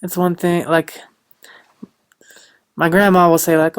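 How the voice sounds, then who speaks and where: Young male podcast host, earnest motivational talker, loose and rambling, smooth clear tone, dry recording. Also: on the high side, level tone, a little fast, pauses often, no room sound. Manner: loose and rambling, with lots of "like" and "you know"; earnest, upbeat and preachy.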